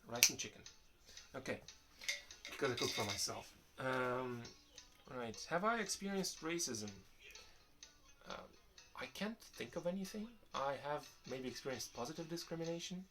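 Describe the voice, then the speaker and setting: A young man with a medium-pitched voice speaks at a moderate pace over soft background music. He's casually fielding viewer questions in a vlog, rambling and often restarting his sentences in a relaxed, candid way.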